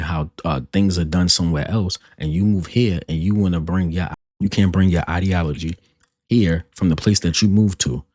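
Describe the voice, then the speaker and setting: A man's voice: deep voice, darkish tone, no room sound, clean studio sound. A man hosting a reaction video, arguing emphatically and restarting his sentences as he makes his point. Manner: emphatic, repeats himself and restarts while arguing. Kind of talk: commenting on a played podcast clip.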